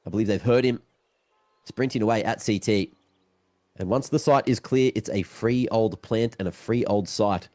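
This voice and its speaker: A young man casting a game play by play, excitable, with banter between calls. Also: fairly low pitch, moderate pace, dry recording. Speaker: esports caster. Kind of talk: play-by-play commentary.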